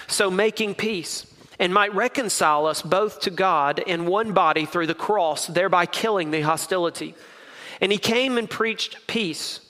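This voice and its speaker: Pastor guy preaching, high bright voice, lots of hall reverb behind him. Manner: preaching with emphatic repetition. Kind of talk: sermon. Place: church sanctuary.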